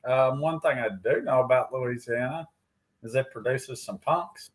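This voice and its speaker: A man's voice: medium pitch, normal speed. A man appearing as a guest on a casual podcast, chatting and making dry jokes. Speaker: guest angler. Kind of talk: casual chat.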